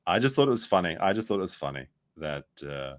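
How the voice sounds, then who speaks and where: A man's voice: low voice, sing-song, quick pace. A man giving sarcastic, rambling commentary on clips as a streamer. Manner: sarcastic, rambling, mimics others in quotes.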